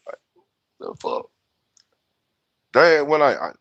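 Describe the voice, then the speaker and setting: A man's voice: low voice, animated, unhurried, long pauses, fairly bright tone, dry recording, highs cut off. A man in his fifties with a Memphis accent, chatting loosely on a livestream, rambling, swearing and laughing at himself. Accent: Southern US, Memphis. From United States. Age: 50s. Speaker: livestream host. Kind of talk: casual livestream chat.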